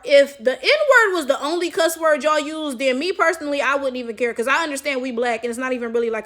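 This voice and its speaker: A woman who vlogs and coaches chess tells her viewers a story casually and emphatically, swearing freely and often checking in with "right?" Her voice is high and fairly bright.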